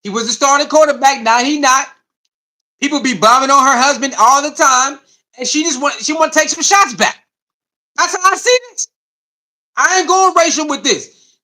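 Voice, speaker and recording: Bright-voiced sports reaction host. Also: high voice, moderate pace, pauses often. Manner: loose, repetitive, talks back to chat. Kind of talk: casual reaction commentary.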